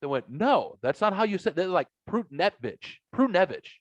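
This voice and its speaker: A man co-hosting a casual podcast, telling animated stories, acting out other people's voices and swearing freely. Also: high voice, fairly quick, dry recording. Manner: animated storyteller, acts out quoted voices, swears. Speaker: podcast co-host. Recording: dull, dry lo-fi recording.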